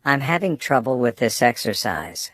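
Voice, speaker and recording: A man's voice: mid-range voice, sing-song, moderate pace, fairly bright tone, no room sound. Man reading student phrases, dry and close. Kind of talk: scripted phrase reading for learners.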